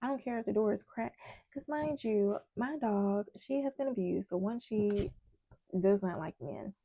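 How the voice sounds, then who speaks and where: A woman tarot reader chatting in a casual vlog, telling a story in an animated way with many asides. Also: mid-range voice, normal speed, vocal fry, no echo.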